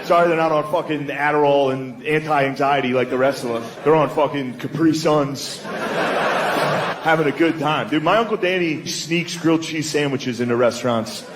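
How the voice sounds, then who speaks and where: A man's voice: fairly high pitch, normal speed, few pauses. Casual, profane male stand-up comic. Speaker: stand-up comedian. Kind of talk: stand-up comedy. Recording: live stand-up with clear background noise.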